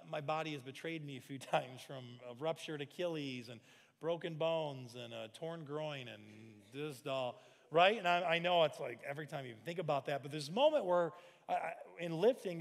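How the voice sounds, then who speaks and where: With the lingering reverb of a large church hall, a pastor in his forties delivers a spirited sermon a little fast and a little high in pitch. He raises his voice slightly, dramatizes little scenes, and occasionally shouts lines out.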